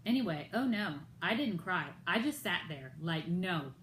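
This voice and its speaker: A woman's voice: on the low side, sing-song, unhurried, fairly bright tone, roomy sound, a little hiss or hum, low-quality recording. An American woman telling a personal story in a vlog, retelling it with indignation and acting out others' lines in raised voices. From United States. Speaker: vlogger.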